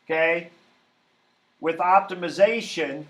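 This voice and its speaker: A man's voice: high-pitched, takes it slowly, fairly bright tone. Man lecturing a math class. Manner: informal, many fillers, emphatic stresses. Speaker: math teacher. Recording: echoey classroom.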